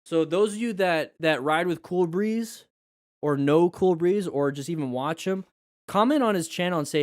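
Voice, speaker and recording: A man's voice: on the high side, expressive, moderate pace, no echo, clean studio sound. A man hosting a casual live stream, chatty and joking as he explains first aid. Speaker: live-stream host reviewing crash videos.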